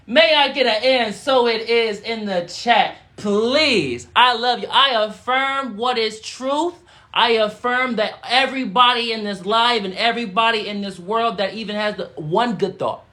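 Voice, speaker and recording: Man, spiritual guide, livestream affirmations, high voice, crisp bright tone, repeats phrases, call-and-response. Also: moderate pace. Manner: casual slangy speech.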